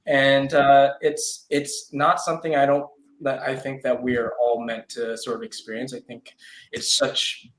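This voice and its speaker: A man's voice: mid-range voice, flat delivery, a little slow, a bit bright. Young guy actor being interviewed, earnest, kinda hesitant, echoey room. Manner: earnest, hesitant, filler-heavy. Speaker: actor guest. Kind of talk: interview conversation. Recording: roomy echo.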